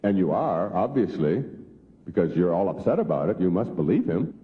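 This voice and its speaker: Male speaker, lively pitch, jokey storytelling lecture, phone-thin recording in a long-echo hall. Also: normal speed, breathy edge. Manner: storytelling, acts out quoted voices. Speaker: self-help speaker. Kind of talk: humorous lecture to a live audience. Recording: tinny phone-like sound in a big hall.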